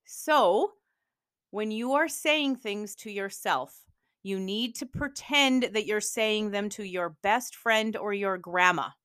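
A woman gives a motivational podcast talk in an emphatic, coaching manner. Her voice sits at a middle pitch and sounds dry and close, with no room echo. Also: sharp tone. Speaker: podcast host.

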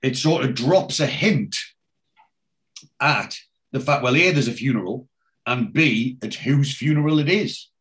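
A man's voice: medium pitch, animated, unhurried, fairly bright tone. A man from England chatting casually as a podcast host, retelling scenes from a TV episode and quoting the characters' lines. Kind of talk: casual chat recapping a TV episode.

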